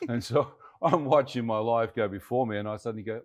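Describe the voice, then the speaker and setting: A man's voice: mid-range voice, brisk. A man, a guest telling a dramatic personal story in a vivid, colloquial way and acting out the voices of people in it. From New Zealand.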